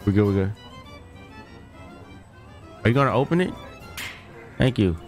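A man hosting a gaming video, giving casual, slangy let's-play commentary and yelling in fright. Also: fairly low pitch, measured pace, faint music behind. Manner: excitable, yells in fright, slangy.

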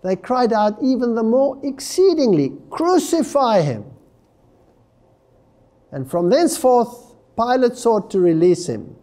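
A man's voice: extremely high pitch, animated, moderate pace, dark tone. A man giving an emphatic Bible prophecy lecture, explaining history and reading scripture aloud. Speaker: religious lecturer.

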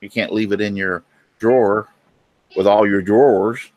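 Middle-aged host, folksy anecdote teller, dry close mic. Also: male voice, on the low side, steady tone, measured pace, darkish tone, no echo, highs cut off. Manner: folksy storyteller, acts out voices in anecdotes. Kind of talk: casual chat.

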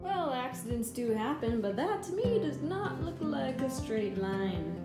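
Woman painter, casual how-to voice, chatty and a bit jokey; slightly high, echoey room. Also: very animated, a little slow, over loud music. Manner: chatty, jokey, thinks aloud through the math. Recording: echoey room with faint ambience.

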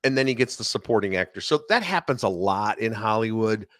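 Middle-aged man, Chicago accent, film critic guest, lowish voice, chatty and animated, dry close mic. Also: fairly quick, no echo. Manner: chatty, animated storytelling with many asides. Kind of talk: casual podcast conversation.

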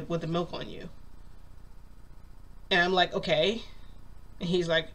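A woman's voice: fairly low pitch, normal speed, long pauses, fairly bright tone. A woman vlogger telling a long story in a casual, rambling way, full of "like" and acted-out quotes. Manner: rambling, lots of "like", acts out quotes.

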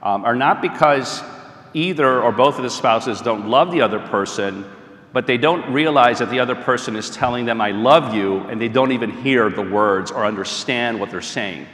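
An American man speaking at a middle pitch gives an easygoing lecture to a live audience. He talks conversationally, with frequent ums and "okay?" checks. His voice rings out with a long reverb in a large, echoey hall. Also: moderate pace, a bit bright. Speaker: speaker leading a talk on marriage.

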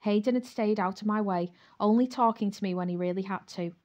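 A woman narrating a first-person romance audiobook in a lively, frank voice. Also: medium pitch, brisk, dull audio.

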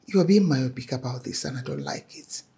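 A woman's voice: rumbling low, animated, a little fast, creaky, dark tone, breathy edge, full character voice. An actress with a Nigerian English accent playing a stern, wealthy mother who lectures her daughter about men.

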